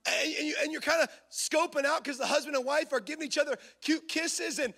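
A man preaching a sermon in a church, animated, acting out little scenes and shouting for emphasis. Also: extremely high pitch, brisk, hardly any pauses. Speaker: pastor.

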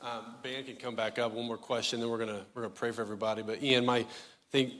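A man's voice: mid-range voice, little pitch movement, fast talker, fairly bright tone. Affirming man moderating a panel. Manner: affirming, with frequent "so good" replies. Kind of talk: hosting a panel at a live church event.

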